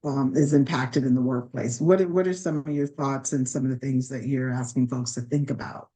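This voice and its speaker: A woman's voice: a bass voice, fairly even intonation, a little fast, warm tone. A woman hosting a webinar interview, asking long, thoughtful, rambling questions.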